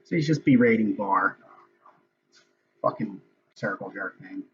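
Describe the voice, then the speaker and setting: A man's voice: lowish voice, lively intonation, unhurried, muffled recording, background noise. A man ranting casually and angrily about a hearing he is watching, swearing often. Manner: profane, angry ranting. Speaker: political commentator. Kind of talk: casual recorded commentary.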